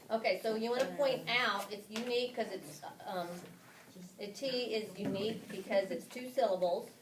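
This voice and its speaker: A woman's voice: mid-range voice, normal speed. Lady going over suffixes with teachers, patient, asks lots of questions, roomy echo. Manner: patient, questioning, walks through steps. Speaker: teacher trainer. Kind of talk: demonstrating a phonics lesson to teachers. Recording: echoey room from far off, background noise.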